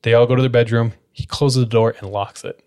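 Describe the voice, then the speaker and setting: A male podcast host with a clear, resonant, medium-pitched voice talks a little fast as he casually recounts a spooky account. His relaxed telling is heavy on "like."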